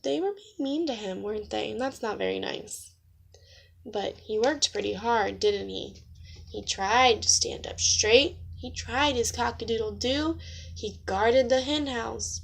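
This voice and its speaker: A woman teacher reads a picture book aloud in a gentle, questioning way, dropping to hushed asides now and then. Her voice sits fairly high, and she takes her time over each line. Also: vocal fry, husky. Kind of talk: picture book read-aloud and lesson reflection.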